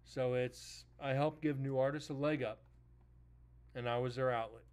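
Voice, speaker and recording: A man's voice: fairly even intonation, normal speed. A man hosting a paranormal live stream, chatting casually and rambling with his viewers. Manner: laid-back, rambling, talks straight to chat. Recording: loud vehicle rumble behind the voice.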